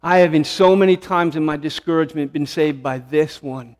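Male pastor, high voice, mid-sermon; builds to emphatic peaks, then drops to a hush. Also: brisk, long reverb tail, faint music behind. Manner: impassioned, swelling to emphatic peaks then dropping hushed. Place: church sanctuary.

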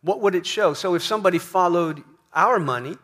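A man's voice: sits high, a little fast, a bit bright. A man preaching a sermon in a church, emphatic, often repeating questions and asking "right?". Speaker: pastor.

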